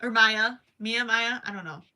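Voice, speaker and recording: Bright-voiced young woman chatting on a livestream. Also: a little high, moderate pace. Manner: chatty, reads viewer comments aloud, giggly, trails off into counting. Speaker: crochet livestream host. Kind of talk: casual livestream chat while crocheting.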